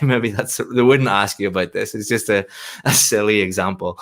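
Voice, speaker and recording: A man's voice: sits low, steady tone, moderate pace, a bit bright. A man working as an English exam tutor, giving one-on-one feedback patiently, explaining step by step and often restarting his sentences.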